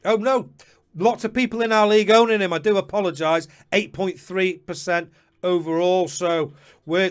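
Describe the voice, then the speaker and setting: A man hosting a live fantasy football stream, chatting to viewers by name with quick apologetic asides. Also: sits high. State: slightly out of breath. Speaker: host.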